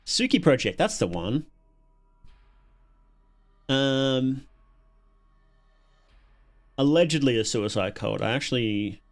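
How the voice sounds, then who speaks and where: An Australian man with a mid-range voice hosts a casual livestream, reacting to videos and chatting with viewers. He often chuckles and repeats words as he thinks.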